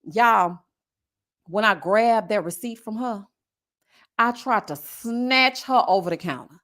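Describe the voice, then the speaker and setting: A woman in her forties telling a personal story to her viewers in a casual, animated vlog, speaking straight to the audience. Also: mid-range voice, slow. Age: 40s. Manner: animated, addresses viewers directly. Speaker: vlogger.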